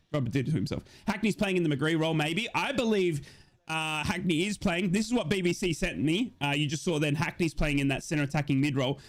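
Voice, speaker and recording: A fairly high-voiced man, talking casually to his viewers during a football watch-along. He is chatty and excitable, and he often trips over his words and restarts his sentences. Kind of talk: casual live-stream chat, reading viewer messages.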